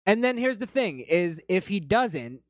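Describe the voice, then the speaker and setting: A man's voice: high voice, very animated, measured pace, dry recording, clean studio sound. Blunt, cursing male podcast host. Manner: blunt, swears freely, rambling anecdotes. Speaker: podcast host reading chat. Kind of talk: casual profane chat.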